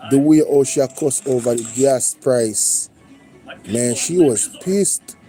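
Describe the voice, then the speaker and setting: A man's voice: medium pitch, takes it slowly, warm tone, faint music behind. A Jamaican man hosting a reaction stream, commenting casually and slipping into patois. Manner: conversational, lapsing into patois. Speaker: reaction channel host. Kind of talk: casual commentary with livestream shout-outs.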